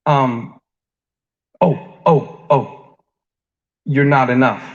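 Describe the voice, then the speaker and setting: A man preaching a conversational sermon. He asks the congregation questions, jokes with them, and shifts between quiet stretches and rising emphasis. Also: medium pitch, steady tone, extremely slow. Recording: dull lo-fi sound.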